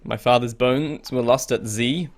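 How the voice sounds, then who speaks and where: A man's voice: medium pitch, measured pace. A young man hosting a casual let's play, reading the game's text aloud and reacting in a chatty way. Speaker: gaming video host. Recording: faint game music behind.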